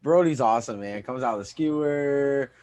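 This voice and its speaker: A man's voice: mid-range voice, moderate pace, very noisy. A man in his thirties co-hosting a podcast, joking and swearing freely in a casual chat. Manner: profane, joking reactions. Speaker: podcast co-host.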